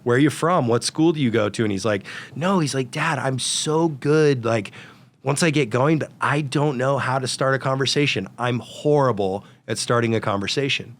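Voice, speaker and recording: A man in his forties, a guest on an interview show, telling animated stories full of quoted dialogue. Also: mid-range voice, moderate pace. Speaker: guest, real estate brokerage founder. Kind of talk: storytelling in a casual interview.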